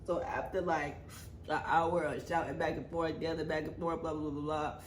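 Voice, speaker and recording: Animated woman telling a storytime in an echoey room. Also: low voice, moderate pace. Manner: animated, profane, acts out the quarrel. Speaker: vlogger. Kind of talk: casual storytime vlog. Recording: echoey room with faint background noise.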